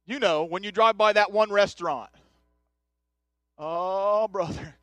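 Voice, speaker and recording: A man's voice: high-pitched, measured pace, a bit bright, no echo, soft background music. A man in his thirties preaching a conversational sermon, joking and chatting straight to his congregation. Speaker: pastor. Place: church sanctuary.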